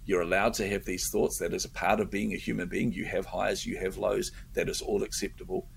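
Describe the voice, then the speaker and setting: Middle-aged man, low gravelly voice, animated storyteller, laughs a lot, faint background hiss. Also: fairly quick. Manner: animated storyteller, laughs often, repeats words. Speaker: guest entrepreneur. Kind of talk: casual interview chat.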